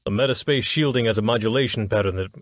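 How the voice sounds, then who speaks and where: A man's voice: lowish voice, no room sound, natural voice. A man voicing a nervous science officer. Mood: hesitant. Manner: hesitant, halting explanations. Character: male science chief, nervous and hesitant. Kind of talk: audiobook character voice.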